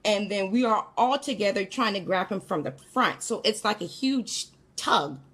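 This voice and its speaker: A woman chats casually with listeners about a frightening dream, calling them y'all in the manner of spoken testimony. Her mid-range voice is animated and fairly bright, at a moderate pace, with a slightly rough quality.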